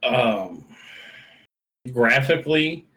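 A man's voice: mid-range voice, expressive, extremely slow, a bit bright, rough recording. A drunk man co-hosting a podcast, chatting casually and laughing along. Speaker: podcast co-host. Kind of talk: casual chat.

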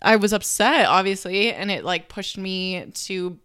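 A woman's voice: medium pitch, measured pace, a bit bright, smooth, no echo, studio quality. A young woman in casual chat, candidly telling a personal story, swearing freely and saying "like" a lot.

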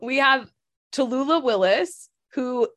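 A young woman co-hosting a casual podcast, jokey and lively, running through a list with quick asides. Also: sits high. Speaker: podcast co-host. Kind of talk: casual chat.

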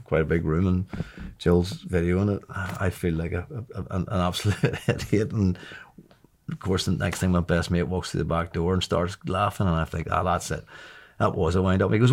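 This interview guest, a man in his sixties, has a low voice, with a little hiss or hum in the recording. Chatty and laughing, he relates a long anecdote as casual storytelling, frequently starting sentences over.

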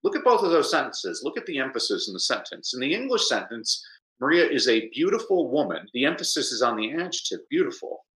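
Bright-voiced teacher in an echoey room. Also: male voice, fast, few pauses. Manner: animated, explanatory, mimics Spanish with exaggerated pitch. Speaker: educator guest. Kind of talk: conversational interview.

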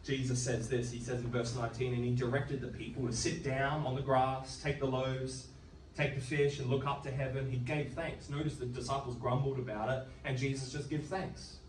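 A man preaching a sermon in an animated, joking way, acting out the voices of the people in his story. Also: medium pitch, normal speed, a little hiss or hum. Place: church hall. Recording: echoey room, distant mic, music behind.

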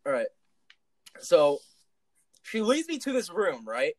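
A man telling a funny story in a casual comedy podcast, animated, swearing and laughing as he goes. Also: a little high, slow pace, no room sound, low-quality recording.

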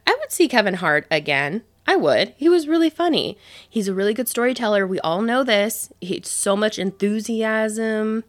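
A woman's voice: medium pitch, lively intonation, normal speed, no room sound, studio quality. A woman in her thirties telling a rambling, casual story, swearing freely and filling with "like". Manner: rambling, profane, many fillers.

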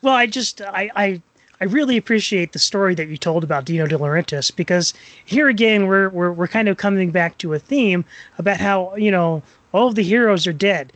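A man co-hosting a podcast, talking in a thoughtful, measured casual chat. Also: high voice, a bit bright, dry recording. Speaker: podcast co-host.

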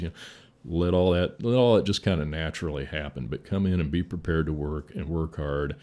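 A man's voice: extremely low pitch, a little fast, a little mellow. A middle-aged man, a veteran firefighter, telling folksy stories in a casual interview, laughing and acting out quotes.

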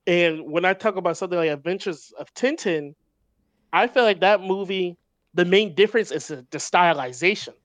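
A man's voice: high-pitched, animated, moderate pace, fairly bright tone, no room sound. A man co-hosting a casual film podcast, explaining his views thoughtfully and restarting phrases often. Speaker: podcast co-host.

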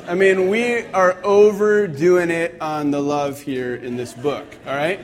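Young male pastor, conversational sermon delivery, light self-deprecating humor, slightly raised pitch. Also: steady tone, unhurried, few pauses.

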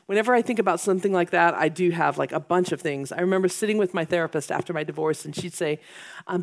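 A woman's voice: fairly low pitch, creaky. A middle-aged woman giving a chatty, self-deprecating talk to a room of mothers, laughing often as she goes. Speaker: speaker at a women's gathering. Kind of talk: casual humorous talk to moms.

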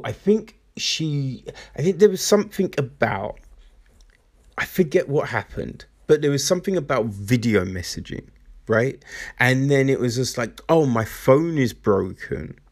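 A man's voice: medium pitch, creaky, husky. A man ranting casually to camera, swearing freely as he tells exasperated stories.

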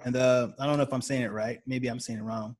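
Husky-voiced man hosting a podcast. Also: medium pitch, fairly even intonation, quick pace, a little mellow. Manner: laid-back, laughs often, many fillers. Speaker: podcast host. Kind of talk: casual podcast chat.

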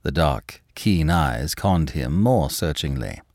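A man narrating a classic novel in measured, expressive storytelling style. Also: extremely low pitch, dry recording, studio quality.

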